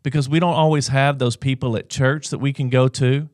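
A man's voice: medium pitch, fairly even intonation, a little fast, a little mellow, no room sound. Man, earnest encouraging tone, Christian talk, dry room, mid-range voice. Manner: earnest, encouraging, addresses viewers directly. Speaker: co-host of a faith livestream. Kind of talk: conversational Christian teaching.

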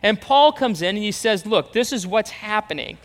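Emphatic high-voiced pastor in an echoing hall. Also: male voice, expressive, moderate pace. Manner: emphatic, repeats phrases, acts out quoted voices. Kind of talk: sermon. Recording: reverberant hall, long echo.

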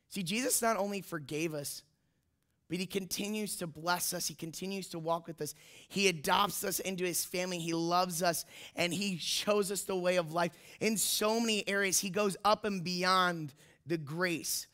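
A man in his twenties, a youth pastor, telling an animated story in a sermon and acting out the voices in it. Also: high voice, normal speed. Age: 20s.

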